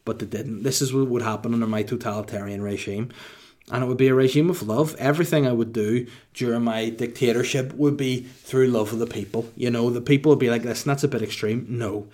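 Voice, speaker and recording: A man in his thirties with a Northern Irish accent answers listener questions in casual chat, cracking mock-boastful, deadpan jokes. He speaks at medium pitch and fairly quickly.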